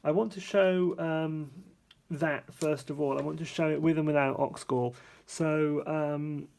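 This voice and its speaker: Gravelly man explaining while he paints. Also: a little high, measured pace. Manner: relaxed, chatty, thinks aloud and corrects himself mid-sentence. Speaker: art supplies reviewer demonstrating paints. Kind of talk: casual hands-on painting tutorial. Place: at a painting table.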